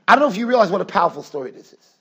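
A rabbi giving a Torah class in a yeshiva study hall, telling stories and repeating words for emphasis. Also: male voice, sits high, big pitch swings, rapid-fire, bright, forceful tone, slightly rough. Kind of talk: Torah lecture with storytelling.

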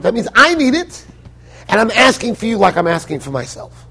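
An American man, a rabbi giving a Torah lecture in a yeshiva study hall, animated and full of rhetorical questions. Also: very high voice, a little fast, vocal fry, husky. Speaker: rabbi teaching a Torah class.

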